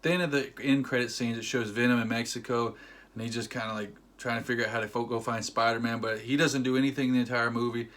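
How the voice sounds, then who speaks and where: Young man, sarcastic movie-review rant, acts out lines in passing, mid-pitched voice. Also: steady tone, fairly bright tone. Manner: sarcastic, retells scenes in quick mimicked quotes. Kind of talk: casual rant.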